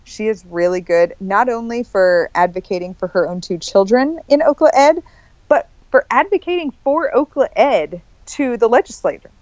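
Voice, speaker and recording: A woman's voice: a little high, moderate pace, darkish tone, no room sound. A woman co-hosting an education podcast, chatting in an upbeat, playful way. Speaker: podcast co-host. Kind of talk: casual chat. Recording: dull dry sound.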